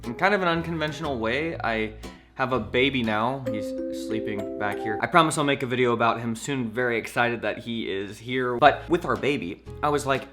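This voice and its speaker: A man's voice: medium pitch, fairly quick, bright, forceful tone, soft background music. A young man with an American accent, talking casually and rambling a little in a home vlog, poking fun at himself. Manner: chatty, rambling, self-deprecating. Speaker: vlogger.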